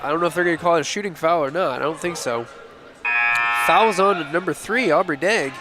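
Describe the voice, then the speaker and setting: A man calling a high school basketball game play by play, briskly naming each pass and foul as it happens. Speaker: play-by-play announcer. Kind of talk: live basketball play-by-play commentary. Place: high school gym broadcast table. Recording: noisy gym with ball bounces behind.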